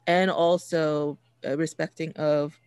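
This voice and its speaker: A woman's voice: low-pitched, flat delivery, slow pace, a little mellow, smooth, no room sound, clean studio sound. A woman telling a personal story in casual chat, full of fillers and restarts. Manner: chatty, many fillers and restarts, laughs while telling.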